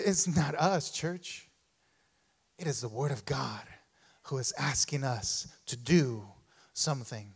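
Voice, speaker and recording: A man preaching a sermon in a church, animated and calling out to the congregation, often repeating himself. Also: sits high. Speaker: pastor. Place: church sanctuary.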